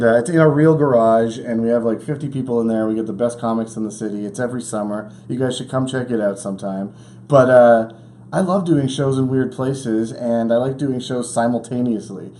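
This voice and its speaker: A man's voice: medium pitch, mellow, a little hiss or hum. A man hosting a comedy talk show, chatty and offhand with his guests. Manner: pleading, then chatty introduction.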